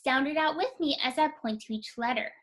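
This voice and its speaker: A woman teaching a phonics lesson to young children, sounding out words slowly, clearly and encouragingly. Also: high voice, a bit bright. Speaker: kindergarten teacher.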